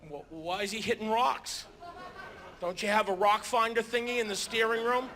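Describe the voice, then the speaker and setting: A male stand-up comedian telling animated stories on a theater stage, breaking into sudden shouts. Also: high-pitched, moderate pace. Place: theater stage before a live audience.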